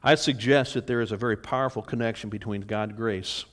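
A man's voice: on the low side, steady tone, fairly quick, fairly bright tone. A man preaching a sermon, speaking with passion, often repeating words and restarting as he goes. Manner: impassioned, repeats words and restarts, acts out quoted voices. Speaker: pastor.

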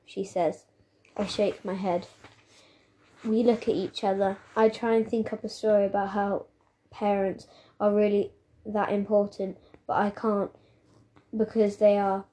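A woman reading a children's novel aloud, telling the story in a steady, plain way. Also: medium pitch, unhurried. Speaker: audiobook reader.

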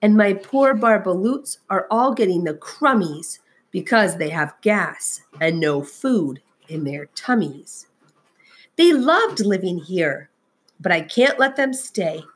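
A woman reading aloud puts on a small, cranky male creature from a storybook. He scolds and complains in a raised, slightly husky voice, slow and reproachful. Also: medium pitch, lively intonation. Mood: complaining.

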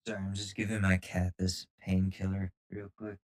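A man's voice: low voice, level tone, moderate pace. A man hosting a podcast, chatting casually and joking at home. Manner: laid-back, joking. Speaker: podcast host. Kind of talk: casual chat.

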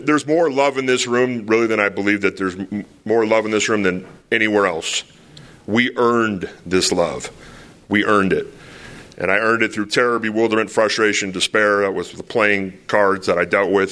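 A man speaks to a crowded room in a bright, forceful voice that sits on the low side. He tells his story candidly, mocks himself and jokes along the way, and wanders into asides before coming back to the point. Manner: self-deprecating, joking, storytelling with rambling asides. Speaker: speaker at a recovery retreat. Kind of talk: candid personal talk to a crowd.

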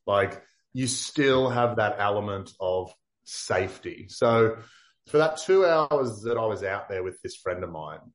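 A man from far north Queensland with an Australian accent, telling a story as an interview guest in a lively, casual way, full of "like" and acted-out quotes. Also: fairly low pitch, a little slow. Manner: animated, acts out quotes, many "like" fillers.

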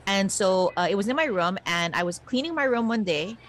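A middle-aged woman co-hosts a casual chat podcast. She tells her stories in an animated way, swears freely and keeps checking in with "okay?" and "right?". Her pitch sits in an everyday middle range, with faint noise behind her. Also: brisk. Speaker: podcast co-host.

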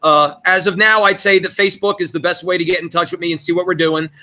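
A middle-aged man with a high, bright voice speaks as a podcast guest. He is blunt and swears freely, and his voice catches as he tells his story. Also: steady tone, quick pace. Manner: blunt and profane, voice choking up. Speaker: guest, arcade owner. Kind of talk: emotional storytelling in a podcast interview.

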